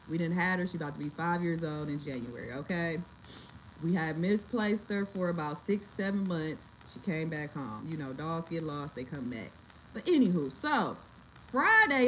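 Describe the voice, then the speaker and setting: A woman vlogger casually telling her viewers a story, animated and dramatic, speaking. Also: fairly low pitch, slight background noise, rough recording. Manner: animated, dramatic retelling with loud outbursts.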